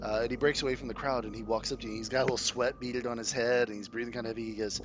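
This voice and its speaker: A man's voice: medium pitch, level tone, racing, few pauses, faint music behind. Casual male game master narrating. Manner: casual, rambling with fillers.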